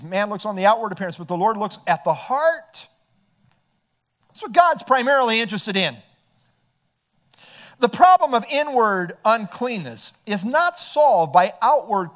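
A male pastor delivers an earnest expository sermon, reading verses aloud and then unpacking them. His voice sits high for a man. His pitch rises and falls freely as he preaches. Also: sing-song, moderate pace, a bit bright.

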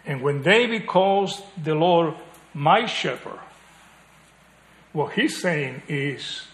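Guy preaching a sermon, kinda high voice, lots of echo, acts out the quotes and goes quiet for the big points. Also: slow, pauses often. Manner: animated, acts out quoted voices, chuckles, drops to a hush.

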